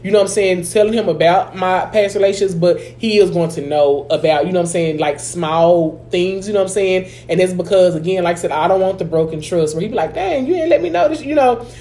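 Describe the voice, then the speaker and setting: Animated, slangy woman co-host. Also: lowish voice, a little fast, few pauses. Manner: animated, slangy, profane, lots of fillers. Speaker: podcast co-host. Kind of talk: casual advice chat.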